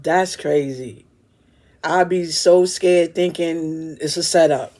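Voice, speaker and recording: Mellow man reacting casually. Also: on the high side, fairly even intonation, slow pace, slight background noise. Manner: laid-back, addresses viewers. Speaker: reaction host.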